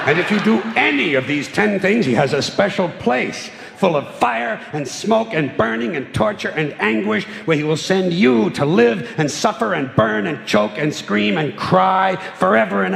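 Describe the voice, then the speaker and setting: Gravelly, mocking male stand-up comic. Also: high voice. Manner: sardonic, mocking, deliberate delivery. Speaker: stand-up comedian. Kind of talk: stand-up comedy routine. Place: theater stage before a live audience. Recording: echoey hall, audience laughter, noisy.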